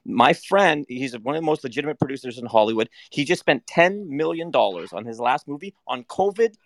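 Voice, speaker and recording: A man from the film industry taking part in a casual debate. He makes measured, hedging points and says he is just asking questions. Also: mid-range voice, lively intonation, no echo.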